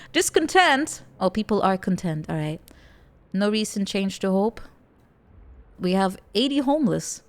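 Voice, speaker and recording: A woman's voice: medium pitch, sing-song, a little slow, pauses often. A woman streaming a survival game, chatting casually with frequent laughs and rambling asides. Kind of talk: casual gameplay chat. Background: game music.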